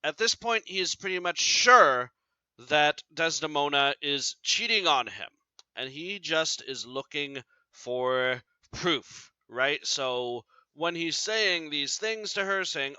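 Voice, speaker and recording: A man's voice: a little high, expressive, slow pace, bright, forceful tone, smooth, no echo. A man teaching a literature lesson in an explanatory way, often checking in with "right?", recorded dry and slightly dull.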